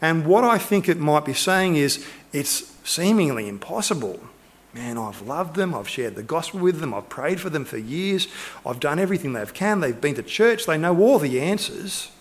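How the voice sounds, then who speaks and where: A man preaching to his congregation, his voice pitched a little above the usual. He drives his points home with short, repeated urgings, sometimes soft and sometimes rising high. His delivery is earnest and emphatic throughout. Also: sing-song, normal speed. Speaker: pastor. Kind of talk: sermon.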